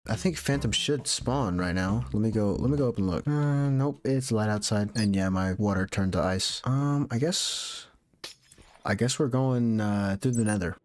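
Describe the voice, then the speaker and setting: A man giving casual, excitable commentary to himself as he plays a video game. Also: on the low side, moderate pace. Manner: chatty, excitable self-talk while playing. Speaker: gaming YouTuber. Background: background music.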